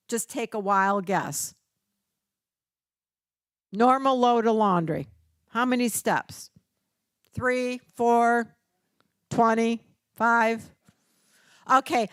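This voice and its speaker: A woman's voice: on the high side, clean tone, no room sound, studio quality. An older woman presenting a caregiving workshop, teaching through stories and acting out the people she quotes. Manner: storytelling, acts out quoted voices.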